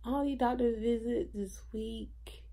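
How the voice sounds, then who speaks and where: A young woman with a slightly high, mellow voice speaks slowly and fairly evenly while recording a personal video diary at home. Tired and low on energy, she rambles through her story with lots of fillers.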